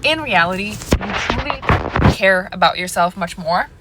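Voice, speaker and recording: A woman's voice: mid-range voice, lively intonation, unhurried, heavy background noise. A young woman giving dating advice straight to her viewers in a sassy, confiding way, calling them girl and honey. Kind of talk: direct-to-camera advice monologue.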